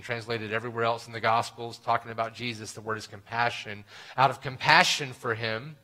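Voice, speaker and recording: A man preaches a sermon with real conviction, reading scripture aloud and throwing himself into its voices. His tone is bright and forceful, and his pitch sits in a middle range. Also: poor audio. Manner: impassioned, acts out voices in scripture. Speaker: pastor.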